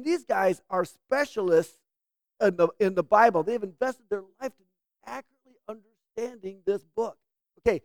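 A pastor speaks at an everyday middle pitch, moving from earnest prayer to relaxed, joking teaching. The sound is dry and close, with almost no room echo. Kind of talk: sermon with prayer and informal teaching.

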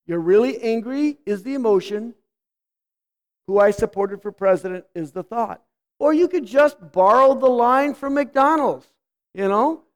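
A middle-aged man from the United States delivers a sermon. He talks in an animated way, swinging from loud outbursts to quiet, confiding asides. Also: sits high.

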